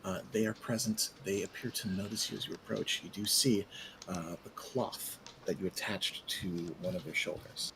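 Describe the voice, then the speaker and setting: Male game master, lowish voice, measured halting narration, noise in the recording. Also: steady tone, gravelly. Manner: measured, hesitant narration with fillers.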